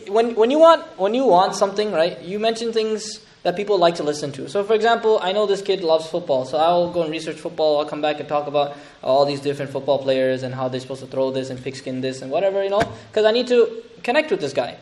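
Fast-talking, high-voiced male preacher. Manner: animated, conversational, sprinkles Arabic terms. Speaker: Islamic teacher. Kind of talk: sermon, storytelling commentary.

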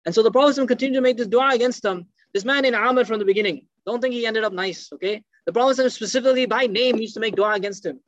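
A man teaching through animated storytelling, acting out the voices of the people in his story. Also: very high-pitched, quick pace, hardly any pauses, no room sound. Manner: animated storyteller, acts out quoted speech. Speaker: religious teacher. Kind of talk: storytelling lecture. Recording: dull lo-fi dry recording.

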